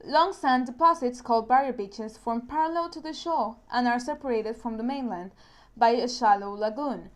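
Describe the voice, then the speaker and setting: Woman teacher, Spanish accent, slightly high voice, careful explainer who repeats herself. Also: moderate pace. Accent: Spanish-speaking. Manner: explains step by step, often repeats and restarts words. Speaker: science teacher. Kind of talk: recorded online science lesson.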